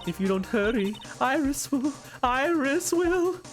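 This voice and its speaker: Brash, bossy older woman, as a woman reader plays her, snapping orders in a high, sharp voice. Faint game music sits under her. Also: expressive, measured pace. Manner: scolding, bossy.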